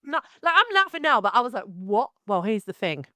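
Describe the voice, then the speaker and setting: A woman wedding photographer telling a story and ranting to camera in a lively, exclaiming way. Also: a little high, fast talker, no room sound, studio quality. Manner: animated, exclaiming, laughs through the story. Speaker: wedding photographer, channel host. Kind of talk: casual storytelling and rant to camera.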